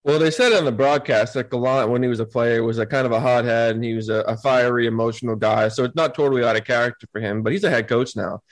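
A man co-hosting a casual sports talk show, thinking aloud in a measured, conversational way. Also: mid-range voice, poor audio. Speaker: podcast co-host.

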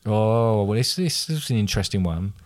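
Low-voiced man hosting a quiz. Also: expressive, brisk, a little mellow. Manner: teasing, reads questions aloud with restarts. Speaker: quiz host. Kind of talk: casual quiz chat.

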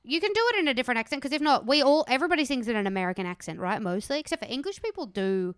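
A woman's voice: high-pitched, animated, very fast, clean tone, dry recording. An Australian woman, a comedian, chatting casually on a podcast, rambling and swearing casually. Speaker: comedian guest. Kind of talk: casual chat.

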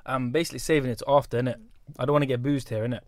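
A man chatting as a podcast guest, quick and slangy, saying bro and innit. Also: mid-range voice, steady tone, a little mellow, dry recording. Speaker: personal trainer guest. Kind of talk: casual chat.

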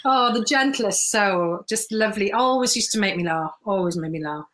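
A woman's voice: medium pitch, expressive, normal speed. A woman, telling stories in a casual chat, laughing often. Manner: warm storytelling, laughs often, mimics voices. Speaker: guest.

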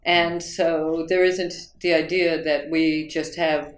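Speaking slowly and flatly in a low voice, an American woman reflects on her work as a writing instructor in an interview. Her storytelling rambles with fillers and restarts, in a roomy, echoing space.

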